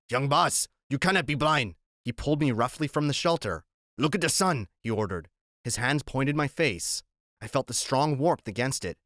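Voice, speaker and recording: A man narrating an audiobook in a measured, even storytelling voice, recorded close on a studio mic. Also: medium pitch, no echo.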